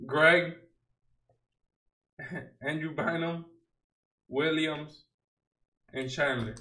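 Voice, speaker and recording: A young man chats casually as he opens card packs, slangy and wisecracking, with a fake outrage at the players he pulls. He talks slowly and unhurriedly in a slightly high voice. The room around him is echoey. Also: fairly even intonation, pushed and bright. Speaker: card unboxing streamer. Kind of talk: casual unboxing chat.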